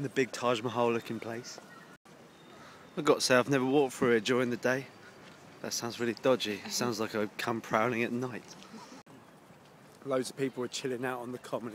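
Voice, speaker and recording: A young man casually vlogging a day out, chatty and teasing, filmed on a handheld camera in windy seaside streets. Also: medium pitch. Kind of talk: casual vlog narration. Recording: windy outdoor noise, traffic.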